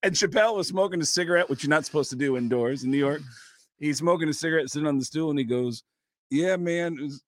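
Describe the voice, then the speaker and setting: A man guest on a podcast, telling a story in a casual, lively way and jumping into voices. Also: a little high, fast talker, no echo, studio quality. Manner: lively, acts out voices, lots of fillers. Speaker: comedian guest. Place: podcast studio.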